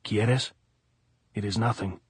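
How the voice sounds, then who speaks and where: A man reading the part of a gruff, swearing Spanish guerrilla fighter. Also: lowish voice, fairly even intonation, takes it slowly, no room sound, exaggerated voice. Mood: urging.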